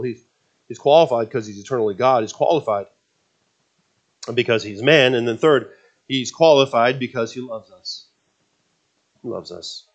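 Through a muffled recording, a medium-pitched man preaches a sermon and leads the congregation in reading scripture aloud. He shifts between earnest fervor and self-deprecating asides.

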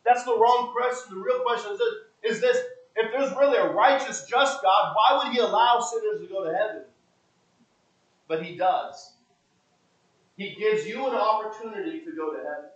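A man preaching a sermon, often repeating and restarting his phrases, and moving between soft low asides and loud bursts. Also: moderate pace, low-quality recording.

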